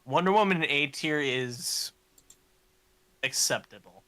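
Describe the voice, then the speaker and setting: A woman's voice: sits low, measured pace, fairly bright tone. A woman friend on voice chat, teasing and mock-threatening in casual banter.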